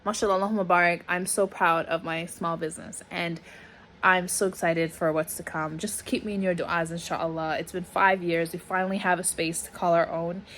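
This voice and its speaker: Woman in her thirties, emotional and animated vlog chat, faint background hiss. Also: lowish voice, a little fast. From Toronto, Canada. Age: 30s. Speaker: small business owner. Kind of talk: casual vlog talk.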